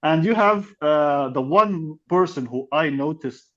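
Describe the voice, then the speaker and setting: Rambling man with a slightly high voice. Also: lively intonation, measured pace. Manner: rambling, many restarts and fillers. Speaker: podcast co-host, comedian. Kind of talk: casual chat. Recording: dull lo-fi sound.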